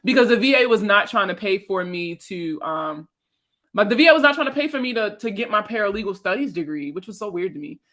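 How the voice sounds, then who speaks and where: A woman's voice: mid-range voice, animated, a little fast, a bit bright. A woman rambling casually on a livestream, talking in a loose and profane way and laughing often. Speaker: personal finance creator and veteran.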